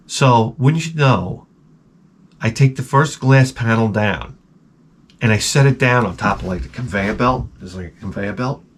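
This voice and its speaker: A man vlogging in a casual, rambling storytelling way, sarcastic and sometimes loudly exasperated. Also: mid-range voice, measured pace, a little hiss or hum.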